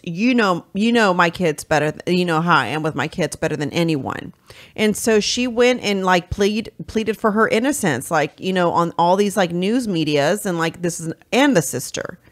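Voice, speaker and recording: A woman co-hosting a podcast, lively and chatty as she recounts stories. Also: fairly low pitch. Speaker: podcast co-host. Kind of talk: casual chat.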